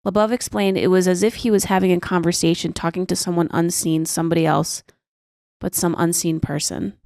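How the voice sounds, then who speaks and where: A woman's voice: lowish voice, fairly even intonation, fairly quick, gravelly, a little mellow, no room sound, clean studio sound. A woman co-hosting a podcast, reading notes aloud in a matter-of-fact casual way. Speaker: podcast co-host.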